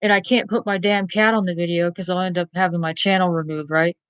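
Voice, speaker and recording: A woman's voice: lowish voice, steady tone, fast, a bit bright, clean tone, dry recording, lo-fi sound. Blunt, profane woman ranting to camera. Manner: blunt, profane, keeps asking "you know what I mean". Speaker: vlogger. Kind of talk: rambling casual rant to camera.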